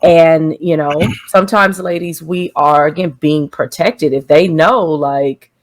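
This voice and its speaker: A woman co-hosting a relationship podcast in casual chat, thinking out loud with quick asides and short affirming replies. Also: low voice. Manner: reflective, quick asides, lots of affirming "mm-hmm". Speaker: podcast co-host.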